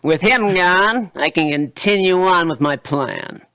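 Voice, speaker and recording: Brief: male reader as a smug, cold vampire wolf villain; slow, bright taunts. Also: sits high, clean tone, dry recording, full character voice. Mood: scheming. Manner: gloating, drawn-out taunts. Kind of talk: live comedic fanfic reading.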